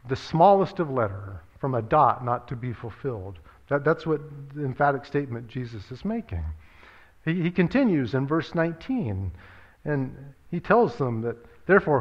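Earnest male pastor, lo-fi sound. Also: mid-range voice. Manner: earnest, repeats words while thinking, many fillers. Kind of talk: sermon.

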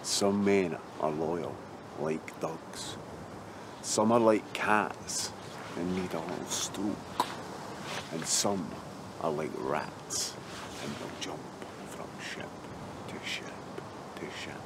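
An actor playing a crude, swaggering male debt-collecting gangster who talks in slow, menacing pauses. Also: fairly low pitch, animated, very noisy.

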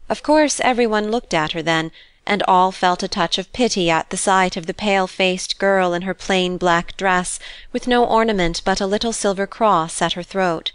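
A woman narrating a classic novel as an audiobook in a measured, expressive reading. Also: on the low side, clear, resonant tone, no echo. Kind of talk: scripted narration.

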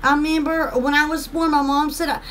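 A woman's voice: high voice, steady tone, a little fast, a bit bright, slight background noise. A woman chatting in a rambling, goofy live stream at home, giggling often. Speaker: vlogger.

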